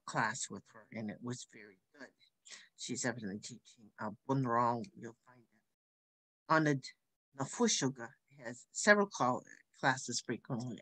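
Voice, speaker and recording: A woman's voice: very deep voice, a bit bright, dry recording, poor audio. A woman hosting an online class who speaks hesitantly, with many fillers and restarts. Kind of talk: casual spoken introduction.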